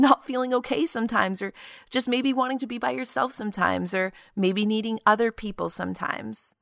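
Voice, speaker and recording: Talking alone on her podcast, this twenty-something host sounds gravelly and mid-range, earnest and confiding, now and then laughing softly. There's no room sound, just a clean studio capture.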